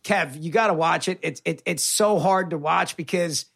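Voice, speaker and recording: High, gravelly middle-aged man joking around. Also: moderate pace, a bit bright. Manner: joking, laughs often. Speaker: podcast co-host, actor. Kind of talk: casual podcast banter.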